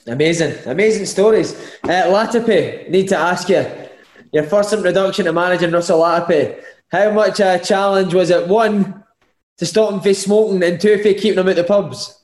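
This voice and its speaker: Male interviewer, high-pitched and eager, heard from a distance with room echo. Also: moderate pace. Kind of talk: casual interview chat.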